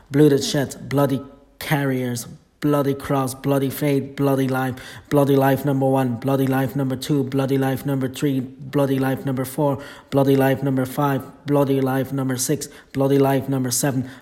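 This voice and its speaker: Guy droning through a long list of titles, super flat monotone, barely moves his pitch. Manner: flat, steady list reading. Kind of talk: reciting an alphabetical list of titles.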